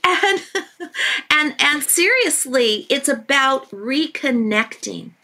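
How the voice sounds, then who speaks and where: A woman author who is a guest on a parenting podcast, telling lively stories and repeating points for emphasis. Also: high voice, slow pace. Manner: animated storytelling with emphatic repetition. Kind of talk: podcast interview.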